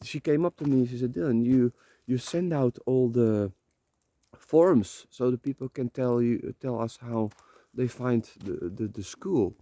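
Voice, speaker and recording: Rambling man, dark voice. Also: medium pitch, unhurried, no room sound. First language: Dutch. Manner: rambling, repeats words, swears casually. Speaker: vlogger. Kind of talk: emotional personal vlog monologue. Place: rented room.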